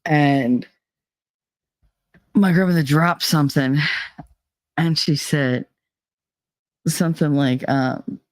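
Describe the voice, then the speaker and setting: A woman's voice: low voice, slow, long pauses, darkish tone, no echo. A middle-aged woman hosting a casual solo talk show, blunt and opinionated, swearing freely and laughing often. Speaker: podcast host.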